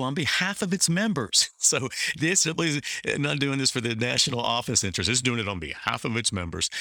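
A man's voice: mid-range voice, pushed and bright, dry recording, clean studio sound. A man hosting a commentary, reading quoted passages aloud with dramatic emphasis and sardonic, critical remarks between them. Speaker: podcast host.

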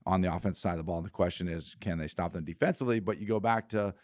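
Man, very deep voice, dry close sound, sports talk co-host, storytelling. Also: very fast, dry recording. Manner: storytelling, animated when acting out plays.

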